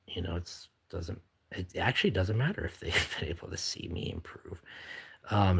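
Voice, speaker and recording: Streamer host, male, deep husky voice, loose rambling chat while drawing, reads comments aloud. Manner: reads viewer comments aloud and chats back.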